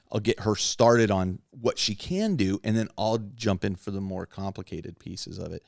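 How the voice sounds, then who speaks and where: Low-voiced man rambling candidly on a podcast. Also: moderate pace, gravelly, no room sound, studio quality. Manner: rambling, candid, laughs often. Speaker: podcast host. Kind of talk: casual hobby chat.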